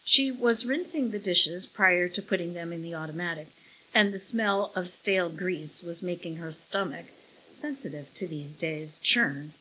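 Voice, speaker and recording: A woman narrating an audiobook in a wry, measured storytelling manner. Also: lowish voice, bright, forceful tone, a little hiss or hum, rough recording.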